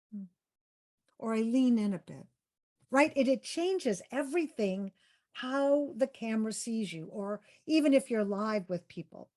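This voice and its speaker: A woman with a somewhat high voice leads an interview-skills workshop. She is upbeat and encouraging, asks her group questions and demonstrates different ways of speaking as she teaches. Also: a little mellow.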